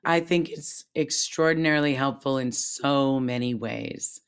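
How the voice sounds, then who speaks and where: A woman co-hosting a podcast, talking in a reflective, animated way that jumps up when she stresses a point. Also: unhurried, clear, resonant tone. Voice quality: calls her own voice squeaky. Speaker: podcast co-host. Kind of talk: casual chat.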